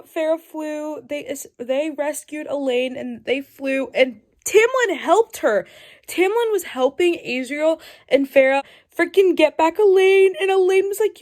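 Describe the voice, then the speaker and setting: A woman vlogging her reactions to a book, talking casually and excitedly, gushing with squeals and sudden hushed asides. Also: high-pitched, a little slow. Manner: excitable, gushing, swings between whispers and squeals. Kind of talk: casual reading reaction vlog.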